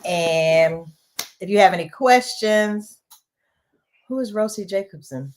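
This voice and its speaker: A woman's voice: mid-range voice, takes it slowly, a little hiss or hum. A woman hosting a casual livestream from a small home studio, talking loosely and chatting to her viewers. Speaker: host.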